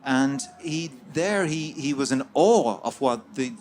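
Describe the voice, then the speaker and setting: A man's voice: mid-range voice, lively intonation, slow, a little mellow, a little hiss or hum. A man, an author guest in an interview, recounting a story at length with many fillers and restarts.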